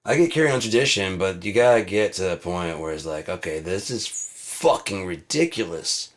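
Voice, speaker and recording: A man's voice: low-pitched, big pitch swings, normal speed. Profane rambling man around fifty. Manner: profane, loose and rambling, bursts into loud laughing outbursts. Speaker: show host. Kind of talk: casual ranting commentary.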